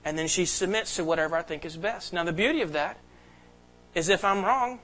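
Guy preaching a sermon in church, kinda high bright voice, earnest and emphatic, soft music underneath. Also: a little fast, rough recording. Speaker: pastor. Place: church sanctuary.

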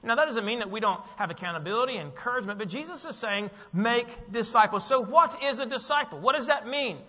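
Emphatic high-voiced pastor preaching. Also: male voice, expressive, fast, sharp tone. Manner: emphatic, rising to stress key words. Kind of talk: sermon. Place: church sanctuary. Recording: dull sound with long church reverb.

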